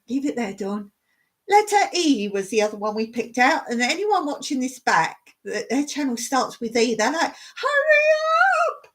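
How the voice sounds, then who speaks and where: A woman chatting casually on a live stream, laughing as she rants about her pet peeves. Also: mid-range voice. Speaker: vlogger hosting a live stream.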